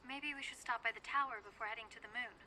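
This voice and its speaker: A wary little robot sidekick, as a woman voices it in a fan-made audio drama. It rattles off its worries at a rapid clip, in a sharply bright, fairly high voice. Faint background ambience runs under it. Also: fairly even intonation, rough recording. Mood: cautious.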